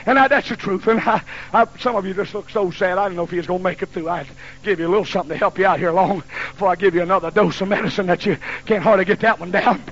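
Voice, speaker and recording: Preacher in his 50s, high bright gravelly voice, folksy fiery sermon, lo-fi church tape. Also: rapid-fire. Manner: folksy storytelling. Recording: lo-fi recording with faint hum.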